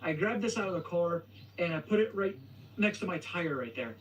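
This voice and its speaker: A man's voice: high-pitched, lively intonation, fairly quick, recorded from a distance, slight background noise, rough recording. A young man hosting his video, retelling a story in a hesitant way that stutters and restarts. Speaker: video host. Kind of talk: storytelling vlog. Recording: video playing from across the room.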